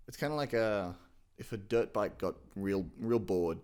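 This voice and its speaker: A man's voice: lowish voice, normal speed, darkish tone. A man hosting a casual video tutorial on doing impressions, rambling and joking, with casual swearing. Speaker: YouTube host teaching impressions.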